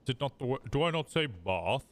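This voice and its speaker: Smooth-voiced man with an English Midlands accent. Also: on the high side, fast. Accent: English Midlands, fairly posh. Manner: relaxed, rambling, reads chat aloud and answers. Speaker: streamer. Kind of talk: casual chat with viewers.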